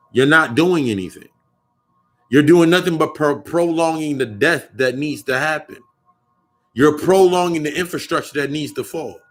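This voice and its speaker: A young man muses aloud in a loose spiritual monologue, swearing freely and circling back over his own words. His voice sits a touch high for a man, with faint music under it. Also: a bit bright. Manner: profane, rambling, repeats and restarts phrases. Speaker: occult vlogger.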